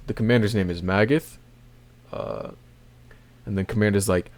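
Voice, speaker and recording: A man casually recapping a comic chapter, rambling with many fillers and soft laughs. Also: on the low side, fairly even intonation, normal speed, long pauses, dry recording. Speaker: manga recap video host.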